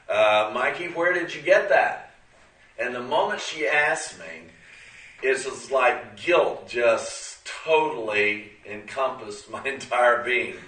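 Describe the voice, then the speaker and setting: A man's voice: fairly low pitch, bright, forceful tone. A man in his fifties telling a story in a sermon, folksy and conversational with many fillers. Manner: folksy and conversational, full of "you know" and "uh". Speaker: speaker at a church gathering. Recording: roomy, distant from the mic.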